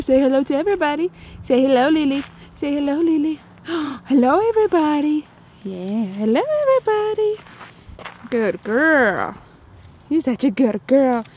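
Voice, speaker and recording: A woman's voice: high voice, darkish tone, dull audio, slight background noise. A woman in baby talk to her pet dog, coaxing and sing-song, repeating praise.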